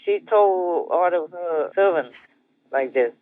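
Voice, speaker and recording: A man with an Indonesian accent, a spiritual master telling a teaching story in a gentle, repetitive way with soft chuckles. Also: high voice, animated, slow, dry recording. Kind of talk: storytelling dharma talk. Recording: tinny phone-like dry sound.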